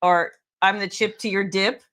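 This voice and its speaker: A woman's voice: mid-range voice, fairly even intonation, moderate pace, fairly bright tone. A woman author hosting a casual livestream, trading playful teasing banter with her co-host.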